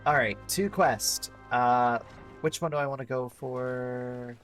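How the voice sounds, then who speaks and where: A man's voice: medium pitch, steady tone, slow pace, a bit bright. Guy streaming a game, rambly, says like a lot, faint music under him. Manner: rambling, filler-heavy, thinking aloud. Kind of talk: casual gameplay commentary.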